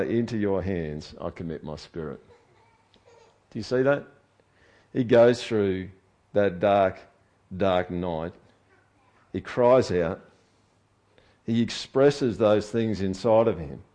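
A man preaching a sermon, expressive, moving from hushed to loud and emphatic, often checking in with the listeners with short questions. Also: on the low side, low-quality recording. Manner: asks listeners tag questions.

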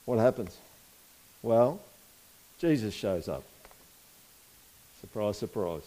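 A pastor with a medium-pitched, dark-toned voice preaches a sermon in a casual, conversational style. He asks the congregation for responses and reads scripture aloud.

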